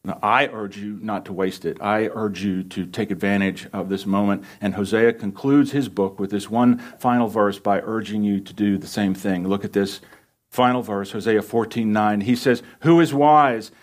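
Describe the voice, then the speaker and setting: A man's voice: on the low side, fairly even intonation, normal speed. A male pastor preaching an earnest, pleading sermon and closing it in prayer.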